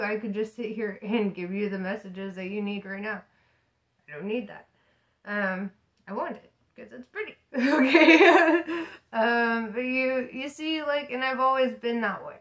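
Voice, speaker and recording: A woman's voice: mid-range voice, fairly bright tone, poor audio. A woman tarot reader talking casually to camera about spirituality, laughing often, swearing and speaking emphatically.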